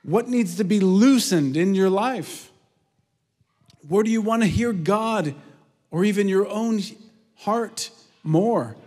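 A man preaching a sermon, telling stories with energy and dropping to a hushed, prayerful tone. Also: takes it slowly, pauses often. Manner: earnest, lively storytelling with hushed prayerful lows. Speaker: pastor. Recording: long reverb of a large hall.

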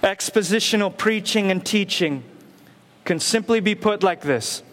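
A man's voice: high-pitched, a little slow, a bit bright, in a large hall. A man preaching a sermon as pastor, with emphatic rhetorical questions and repetition. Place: church sanctuary.

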